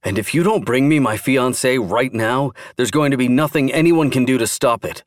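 A man's voice: medium pitch, normal speed, no room sound, studio quality, pitched above the performer's own voice, lightly acted. A man voicing a male captive who keeps his shaky voice assertive while bluffing, in an audiobook. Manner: assertive, clipped, faintly shaky. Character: composed male captive bluffing under pressure.

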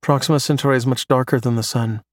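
A man voicing a bright young male pupil who recites facts eagerly. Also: mid-range voice, fairly even intonation, fast talker, dry recording, studio quality, close to an everyday voice. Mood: earnest.

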